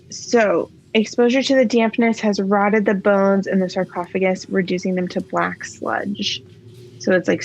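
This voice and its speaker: A woman running a tabletop game as game master, narrating in a relaxed way with many pauses and fillers. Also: fairly low pitch. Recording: slightly dull, faint noise.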